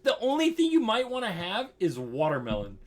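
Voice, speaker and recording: Young guy with a high, bouncy voice, slow and laughy, swears a bunch telling his story. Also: wildly swooping pitch. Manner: laughing often, swearing, lots of "like". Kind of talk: casual storytime.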